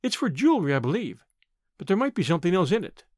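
Guy doing a brighter, higher young woman's voice, eager and quick. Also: big pitch swings, no room sound, studio quality.

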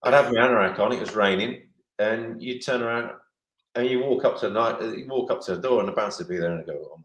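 A man's voice: medium pitch, fast talker, fairly bright tone. A middle-aged man, a former goalkeeper, telling rambling stories in casual chat, restarting sentences and acting out other people's lines. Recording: roomy echo.

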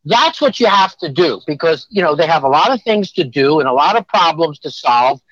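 An earnest doctor speaks slightly above the usual male pitch, stumbling over restarts as he makes his case. His audio is dull and lo-fi, but the sound is dry. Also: lively intonation, a little fast, fairly bright tone, dry recording. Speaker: doctor and advocate. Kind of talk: live-stream discussion.

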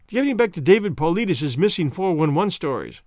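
A man's voice: high-pitched, very animated, fast, a little mellow, no echo, studio quality. A man hosting a podcast, giving a scripted sign-off with thanks to listeners in an upbeat announcer manner. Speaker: podcast host.

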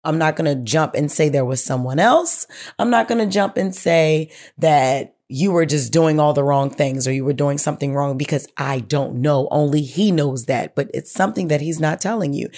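This host reads out listener letters and then answers them bluntly, swearing often and leaning hard on the key points. The voice sits at an ordinary middle pitch. The host speaks to the listener directly, calling her baby girl. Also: moderate pace, darkish tone. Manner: blunt, profane, emphatic. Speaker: advice show host. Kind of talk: reading a listener letter and giving advice.

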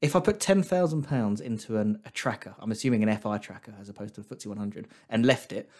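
A man's voice: fairly low pitch, quick pace, darkish tone. A man, a guest trader on a casual podcast, who talks things through in a chatty, teasing way. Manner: chatty, teasing, thinks aloud with fillers.

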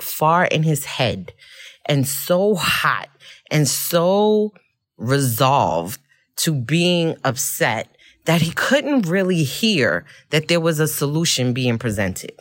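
A woman hosting a podcast, telling a personal story in a candid, expressive way and often laughing. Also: low voice, unhurried, no echo, studio quality. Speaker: podcast host.

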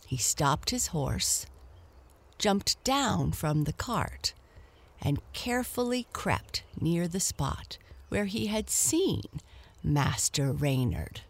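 A woman reading a children's story aloud in an expressive, animated way. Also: mid-range voice, slow pace, creaky.

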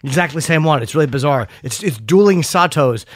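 A man's voice: fairly high pitch, lively intonation, a little fast, dry recording, studio quality. A man in casual podcast chat who jokes a lot and reads an ad live. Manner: joking, wisecracking. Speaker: podcast co-host.

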